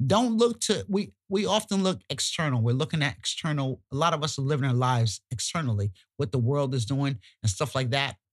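A woman co-hosting a podcast, talking emphatically and colloquially, sometimes cussing, her pitch jumping high when she gets worked up. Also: expressive, brisk, hardly any pauses. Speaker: podcast co-host. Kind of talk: casual podcast chat.

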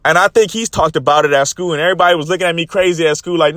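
This young male vlogger speaks into his phone with a slightly high, bright voice that races along, recorded in studio quality with no room sound. His story comes as a fired-up, profane monologue, and he keeps calling his viewers "guys."

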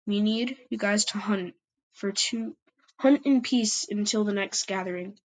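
A woman's voice: mid-range voice, unhurried, close to an everyday voice, low-quality recording. A woman voicing a weary male cat clan leader in an amateur story podcast, giving grim news in a tired, matter-of-fact way.

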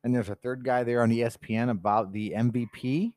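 A man's voice: mid-range voice, steady tone, brisk, darkish tone, no room sound. Dry-witted podcast co-host man. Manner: dry, steering the topics. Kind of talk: casual chat. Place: podcast studio.

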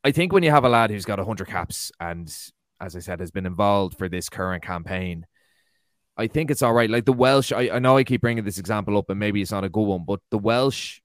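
A man's voice: deep voice, brisk, no room sound, clean studio sound. An Irish man co-hosting a football podcast, arguing his points with rhetorical questions. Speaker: podcast co-host. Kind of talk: casual football chat.

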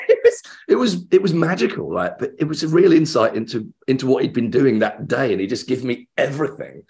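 A man's voice: mid-range voice, brisk, gravelly, few pauses. A middle-aged man from England, an actor being interviewed, telling an anecdote and acting out the voices in it. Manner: animated storyteller acting out quoted voices.

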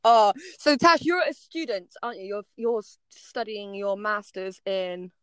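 A woman's voice: mid-range voice, lively intonation, measured pace, fairly bright tone, clear, resonant tone, no room sound. A woman from southern England hosting a casual interview, bubbly, laughing often and rambling through her questions.

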